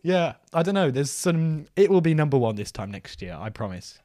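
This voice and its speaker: A man's voice: fairly high pitch, very animated, moderate pace, over a noisy crowd. A man co-hosting a casual comedy chat, playful and jokey. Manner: playful, bursts into silly jingles. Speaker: podcast co-host.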